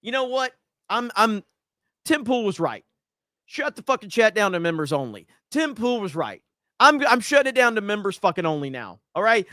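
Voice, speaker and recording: A man with a fairly high voice hosts a casual livestream from a home setup, reading viewer comments aloud. He swears freely and rants with mock outrage. The sound is close and dry, with almost no room echo. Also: sing-song, normal speed, pushed and bright. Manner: profane, ranting and mock-outraged. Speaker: livestream host.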